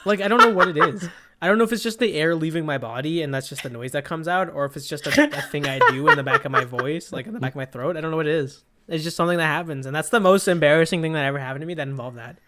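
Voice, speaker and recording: A man's voice: fairly high pitch, sing-song, racing, a crowd in the background. A young man co-hosting a casual comedy podcast, telling self-deprecating stories in a rambling way, full of fillers. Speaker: podcast co-host.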